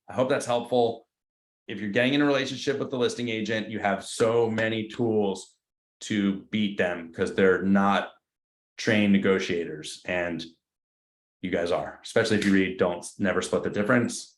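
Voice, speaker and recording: Casual man training a team in a roomy space. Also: low-pitched. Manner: casual, slangy, acts out both sides of phone calls. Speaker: real estate team trainer. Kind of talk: live team training talk. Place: meeting room with a group. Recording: roomy echo.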